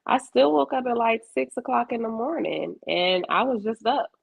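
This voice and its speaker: A woman, co-hosting a casual podcast chat and telling stories with animated, acted-out quotes. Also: moderate pace, gravelly, husky, no echo. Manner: animated storyteller, voices quotes with big pitch jumps. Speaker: podcast co-host. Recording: dull lo-fi sound.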